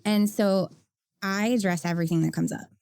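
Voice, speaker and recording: A woman's voice: mid-range voice, fairly even intonation, a little fast, gravelly, a little mellow, smooth, no echo. A woman teacher co-hosting a casual podcast, giggly and self-deprecating as she explains her classroom habits.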